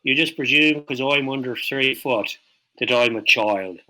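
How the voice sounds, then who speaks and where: A man at a tabletop game, talking in character with a brash, profane, combative edge. His voice is bright and forceful at a middling pitch. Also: unhurried, poor audio. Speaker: player.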